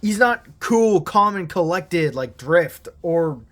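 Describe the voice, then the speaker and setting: Young guy, slangy toy-review rambler, unhurried delivery, slightly high voice. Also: expressive, a bit bright, no echo. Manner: rambling, slangy, mild swearing. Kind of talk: casual vlog review.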